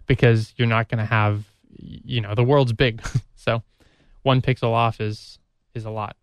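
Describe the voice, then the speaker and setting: A man co-hosting a radio show, explaining things in a halting way with many fillers. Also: mid-range voice, flat delivery, clear, resonant tone, no echo. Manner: hesitant, many fillers and restarts. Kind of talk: casual radio chat.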